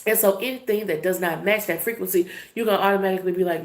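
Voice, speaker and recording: A woman's voice: mid-range voice, racing, roomy sound. A woman giving a casual tarot reading in a blunt, emphatic, profane way. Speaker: tarot reader.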